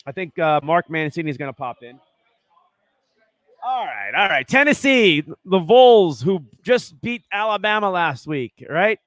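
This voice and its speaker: Sports podcast host, male, high voice, dry close sound, rambling and excitable. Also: measured pace, dry recording. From Arizona. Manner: excitable, rambling, says "right?" often. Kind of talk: casual sports chat.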